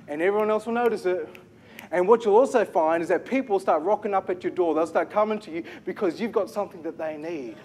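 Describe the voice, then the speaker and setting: A man preaching a sermon as pastor, animated, asking the congregation questions and repeating key phrases. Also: sits high, slight background noise.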